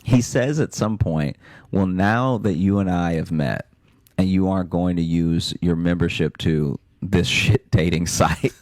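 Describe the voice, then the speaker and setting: Man, very low voice, dry close sound, comic storytelling, laughs a lot. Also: measured pace, a little mellow, dry recording. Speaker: comedian reading listener letters. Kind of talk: comic podcast chat.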